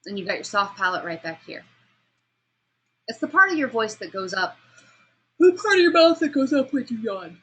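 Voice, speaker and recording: A woman lecturing a class on vocal delivery, asking students questions and demonstrating sounds, pace and pauses herself. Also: fairly high pitch, big pitch swings, breathy edge, rough recording. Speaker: speech instructor.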